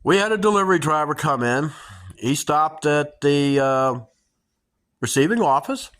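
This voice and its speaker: A middle-aged woman host telling dramatic personal stories to her viewers in a casual, animated way. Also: deep voice, unhurried. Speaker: homestead channel host.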